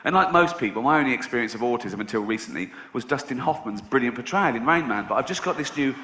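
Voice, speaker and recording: A man performing a stand-up comedy routine to a live audience, with a sarcastic, deadpan delivery broken by loud outbursts. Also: mid-range voice, fast. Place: large venue with audience. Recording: echoey live venue, audience noise. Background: audience laughter.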